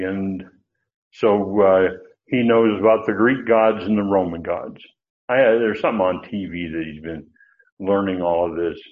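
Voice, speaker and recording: A man's voice: deep voice, phone-quality sound. An older man preaching an expository sermon in a folksy, digressive way, with many restarts and asides. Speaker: pastor.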